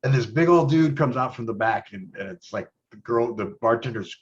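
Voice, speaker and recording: A man's voice: medium pitch, expressive, normal speed, slight background noise. Guy rambling thru a bar story, swearing, chuckling, kinda muffled audio. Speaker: guest. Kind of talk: casual chat.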